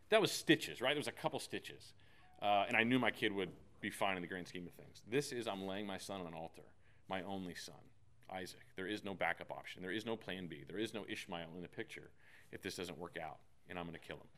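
A man's voice: on the low side, fairly bright tone. Earnest man preaching a sermon. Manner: earnest, storytelling, emphatic swells. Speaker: pastor. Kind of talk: sermon with personal story.

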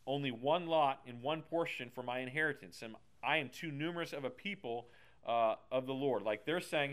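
A man teaching a lively Bible lesson who keeps checking in with the class and retells scripture in casual slang. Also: mid-range voice, moderate pace, clean tone. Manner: chatty, keeps asking "right?", paraphrases scripture in slang.

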